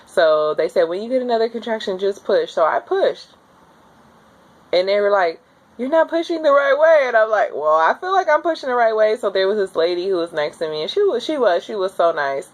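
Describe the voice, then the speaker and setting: Young woman animatedly telling her birth story. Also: brisk. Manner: animated, acts out her own screams in a high voice. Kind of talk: casual storytelling to camera.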